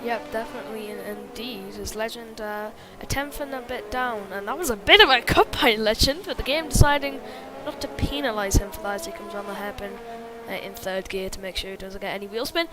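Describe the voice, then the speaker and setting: A woman's voice: medium pitch, brisk, music in the background. A woman doing live commentary on an online racing league, chatty and full of fillers, reading viewer chat as she goes. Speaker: race commentator.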